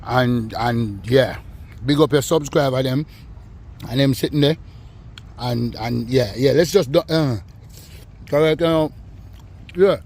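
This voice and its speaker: A young man with a Jamaican accent bantering playfully with his mother while she cooks, giving shout-outs to viewers. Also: medium pitch, measured pace, long pauses. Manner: playful, joking, shouts out to fans. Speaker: co-host, son of the cook. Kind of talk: casual cooking vlog banter.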